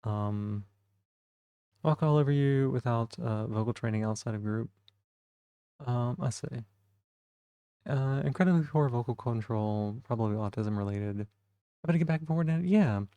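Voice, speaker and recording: A man streaming live in casual chat, soft-spoken and rambling as he reads the chat aloud. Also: medium pitch, normal speed, pauses often, clear, resonant tone, dry recording, lo-fi sound.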